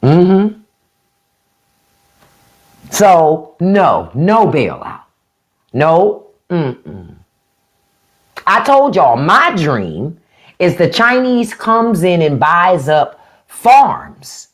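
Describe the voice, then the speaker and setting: Blunt, mocking livestream host with a lively voice. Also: male voice, sits high, drawn-out words. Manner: blunt, mocking, profane, talks back to chat comments. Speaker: podcast host on a live stream. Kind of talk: unfiltered political rant to live chat.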